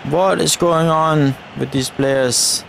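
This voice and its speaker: A young man commentating his own football video game match as he plays, cheering, chanting and shouting at the referee. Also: a little high, fairly even intonation, slow, gravelly, slight background noise. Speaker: gaming channel host. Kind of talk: live gameplay commentary.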